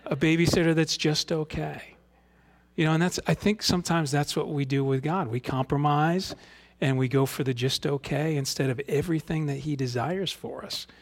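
Folksy pastor with a slightly high voice. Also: male voice, fairly even intonation, moderate pace. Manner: asks rhetorical questions, earnest and folksy. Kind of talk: conversational sermon with scripture reading.

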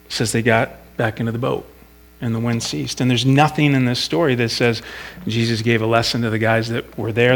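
A man's voice: medium pitch, fairly bright tone. A middle-aged man giving an informal Bible devotional in a conversational, reflective way, thinking aloud as he talks.

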